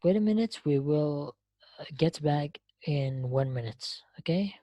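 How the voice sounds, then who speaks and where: Low-pitched woman teacher giving an online english class, slow and patient, dry sound. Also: animated, warm tone, no room sound. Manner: slow explaining, frequent checking questions. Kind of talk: live online English lesson. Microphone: online lesson connection.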